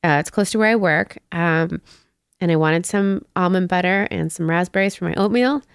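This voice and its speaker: Podcast host: woman from Canada, gravelly low voice, dry close sound, chatty storyteller. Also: normal speed, no echo. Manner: storytelling, animated quoted voices, swears casually. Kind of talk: casual chat.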